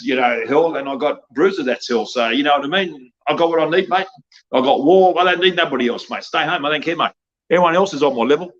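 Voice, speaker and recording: A man's voice: mid-range voice, a bit bright, lo-fi sound. A man, a wrestling promoter talking bluntly and profanely in a rambling podcast chat, ending his lines with "mate".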